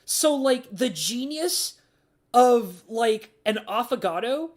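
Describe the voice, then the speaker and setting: Animated rambling streamer guy. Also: very high voice, slow. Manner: rambling, full of "like" fillers; animated, mock-ranting. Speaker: streamer reading chat. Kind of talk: casual live-stream chat.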